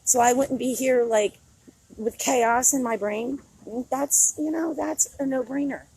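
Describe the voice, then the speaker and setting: A woman's voice: sits high, a little slow, vocal fry, dark tone, breathy edge, low-quality recording. A middle-aged woman on a casual outdoor phone livestream, talking candidly and rambling, often breaking into laughter. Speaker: vlogger. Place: outdoors in a city.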